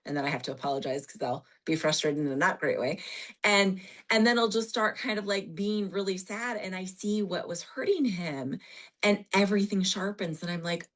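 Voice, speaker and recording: A woman therapist speaking from her office on a podcast, explaining earnestly with animated emphasis. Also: fairly low pitch, moderate pace. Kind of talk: podcast conversation.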